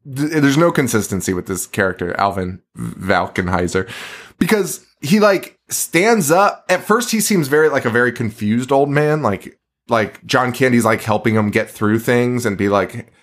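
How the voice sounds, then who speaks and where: A man's voice: mid-range voice, expressive, normal speed. A man co-hosting a podcast in a basement, retelling a movie in casual chat, laughing often and swearing freely. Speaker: podcast co-host.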